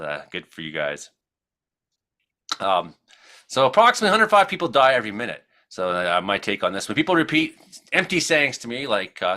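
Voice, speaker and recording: Lively, joking Canadian man hosting. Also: on the low side. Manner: lively, joking, swearing freely. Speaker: comedy weather show host. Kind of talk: casual comedic commentary.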